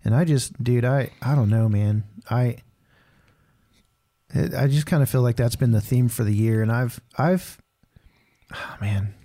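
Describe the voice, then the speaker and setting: Man, podcast co-host, mellow tone, rambling, candid, casual fillers. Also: mid-range voice, moderate pace. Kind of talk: casual faith conversation.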